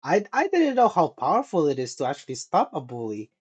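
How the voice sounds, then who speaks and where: A man's voice: a little high, huge pitch swings, brisk, husky. A young man co-hosting a podcast, reacting and laughing through casual chat. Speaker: podcast co-host.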